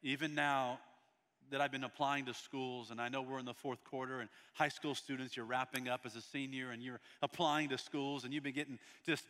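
A man preaching a sermon in a church, reading scripture aloud and breaking off to speak to the congregation, with a delivery that swings between loud and soft. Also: mid-range voice, flat delivery, a little fast, long reverb tail. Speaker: pastor.

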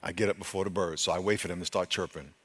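A man preaching a sermon as pastor, moving between loud emphatic stretches and quiet, hushed talk, often restarting his phrases. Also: deep voice, fairly even intonation, rapid-fire, husky. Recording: long hall reverb.

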